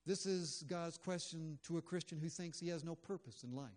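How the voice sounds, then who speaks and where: A man's voice: fairly high pitch, moderate pace, darkish tone. Man preaching a conversational sermon. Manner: conversational, earnest, with frequent fillers. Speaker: pastor.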